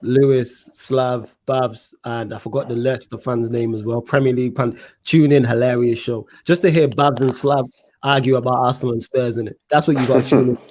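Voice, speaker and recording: A young man, co-hosting a football watchalong in casual chat, slangy and excitable, swearing freely. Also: medium pitch, normal speed, slight background noise. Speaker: watchalong co-host.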